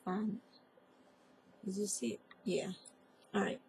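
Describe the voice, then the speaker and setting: A woman from the American South gives a casual crochet tutorial, chatting, digressing, and addressing viewers as y'all. Her medium-pitched voice is darkish and husky with vocal fry, delivered flatly and slowly.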